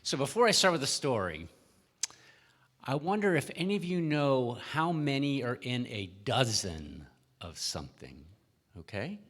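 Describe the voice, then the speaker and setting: A man's voice: medium pitch, very animated, a little slow, fairly bright tone. A male minister telling a children's story at a worship service, asking the children questions as he goes. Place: church sanctuary. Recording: echoey church hall.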